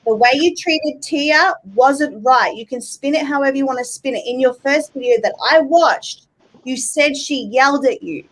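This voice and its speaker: A woman's voice: high voice, moderate pace, poor audio. A woman arguing bluntly on a live stream, exasperated and swearing. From Australia. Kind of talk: heated live stream argument.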